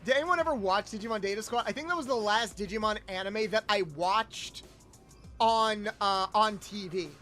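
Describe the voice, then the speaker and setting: A young man streaming a video game, chatting casually with viewers, loud and animated with swearing. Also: high voice, normal speed, soft background music. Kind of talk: casual gameplay livestream chat.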